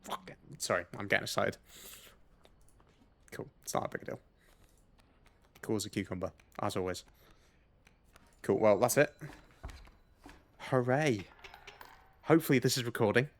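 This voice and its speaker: A man's voice: fairly low pitch, expressive, measured pace, pauses often. A man giving casual gameplay commentary as a let's play host, muttering his moves to himself, upbeat, with the odd swear.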